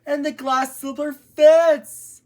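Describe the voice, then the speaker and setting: A woman's voice: high-pitched, little pitch movement, takes it slowly, mellow, voice pushed up. A woman doing a cheerful fatherly old king. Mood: overjoyed.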